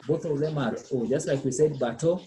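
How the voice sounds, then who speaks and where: Man, French tutor, patient, repetitive, mellow tone, faint background noise. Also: on the high side, a little fast. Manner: patient, repeats words and checks with "okay?". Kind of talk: one-on-one language lesson.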